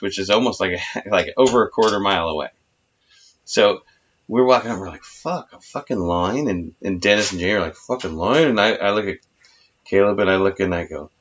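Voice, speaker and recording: A man co-hosting a podcast, telling a story in relaxed casual chat with some swearing. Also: lowish voice. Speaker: podcast co-host. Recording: dull lo-fi sound with faint noise.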